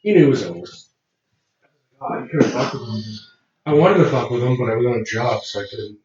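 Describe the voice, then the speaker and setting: Animated man, echoey and distant. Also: medium pitch, brisk. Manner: animated storyteller acting out quoted voices. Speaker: podcast co-host. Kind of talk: casual chat. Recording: echoey lo-fi room, distant from mic.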